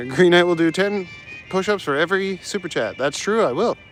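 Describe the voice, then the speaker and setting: A man's voice: sits high, expressive, moderate pace, low-quality recording. A man with a slightly raised voice banters loosely with viewers on a casual live stream, reading out their comments and cracking jokes. He is walking outdoors through wet city streets at night, talking into a handheld mic, with faint music playing underneath. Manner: joking, reads chat aloud and banters.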